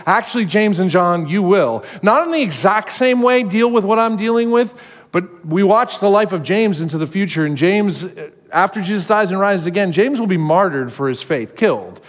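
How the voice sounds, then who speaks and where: A male pastor giving a sermon in a conversational, animated storytelling manner. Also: high-pitched, normal speed, long reverb tail.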